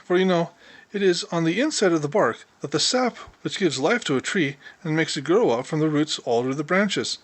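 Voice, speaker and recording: A man narrating a children's audiobook in an expressive storytelling manner. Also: a little high, moderate pace. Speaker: audiobook reader.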